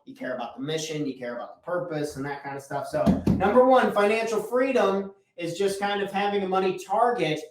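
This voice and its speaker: Male business coach, bright higher voice, casual motivational delivery with mild swearing, recorded from a distance. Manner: repeats key points for emphasis. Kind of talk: motivational talk to camera. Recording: echoey room, mic at a distance.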